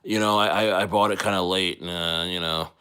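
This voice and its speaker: A man's voice: sits low, steady tone, fairly quick, sharp tone, smooth. A man voicing a sheepish male crypto trader caught out by his boss, hesitant and mumbling excuses.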